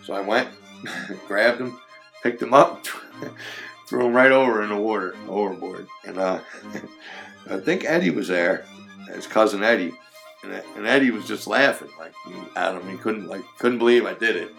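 Man, very low voice, casual storytelling, rambling, laughs often. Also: moderate pace, vocal fry, fairly bright tone, faint music behind. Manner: rambling, laughs while telling stories, frequent fillers. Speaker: former clammer recalling old times.

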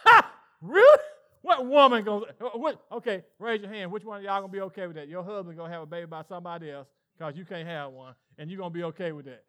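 A male pastor with a Southern US accent, preaching an animated sermon and acting out voices in call-and-response style. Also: high voice, racing, few pauses. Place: church sanctuary with congregation.

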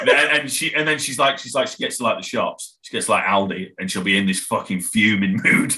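A man's voice: lowish voice, normal speed, bright, forceful tone, rough recording. A man chatting as a podcast guest, rambling and self-interrupting, laughing often. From England. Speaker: podcast guest, band member. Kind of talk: casual chat.

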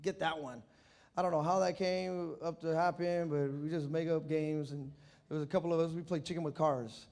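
A man preaching a sermon, telling childhood stories and acting out the voices with shouts. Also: a little high, steady tone, a little fast, gravelly. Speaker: pastor. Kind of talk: sermon with storytelling. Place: church.

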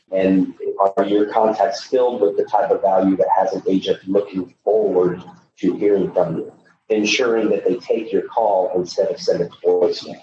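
A middle-aged man coaching loan officers in a podcast conversation, emphatic, with frequent restarts. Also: sits low. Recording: echoey, dull, distant mic with faint noise.

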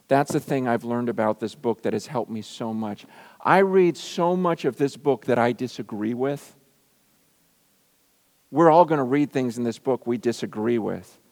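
A man in his forties delivers a sermon as a pastor, his mid-range voice trailing a long reverb through a large hall. He swings from loud, pressing bursts down to quiet, intimate asides. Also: mid-range voice, moderate pace. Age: 40s.

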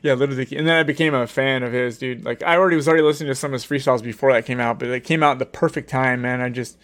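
A man co-hosting a podcast in casual chat, excitable and laughing often, swearing a lot. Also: mid-range voice, rapid-fire. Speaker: podcast co-host.

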